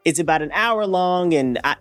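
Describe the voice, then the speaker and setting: A man's voice: a little high, lively intonation, normal speed, fairly bright tone, dry recording, faint music behind. A man hosting a commentary video, narrating casually with sarcastic asides and laughter. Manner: sarcastic, laughs at his subject. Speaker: commentary channel host.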